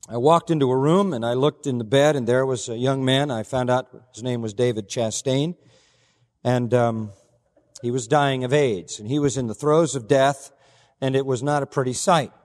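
A man preaching a sermon as pastor, telling a story earnestly and quoting others in a softer voice. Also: fairly high pitch, big-room sound.

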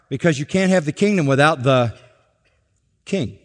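A man preaching an expository sermon, slow and deliberate, stressing each point and asking rhetorical questions. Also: fairly high pitch, lively intonation, big-room sound. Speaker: pastor. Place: church sanctuary.

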